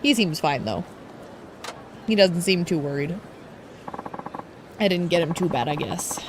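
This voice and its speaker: A woman's voice: fairly low pitch, animated, measured pace, long pauses. A woman streamer giving casual, chatty commentary while playing a game, with giggly asides. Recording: noisy home stream.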